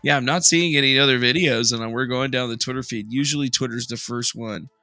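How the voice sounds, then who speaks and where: A man's voice: mid-range voice, a little fast, pushed and bright, dry recording, soft background music. A man hosting a livestream in casual chat, laid-back, swearing freely and joking as he scrolls through news. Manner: laid-back, profane, jokey. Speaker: livestream host.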